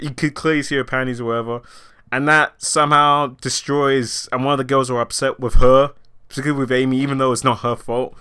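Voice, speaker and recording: An exasperated vlogger rants about a film they just watched, swearing often and laughing in disbelief. The voice is bright and sharp with a smooth, clear ring. Their pitch leaps around with lively, animated swings as each complaint builds. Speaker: movie reaction vlogger. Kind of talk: casual spoken movie rant.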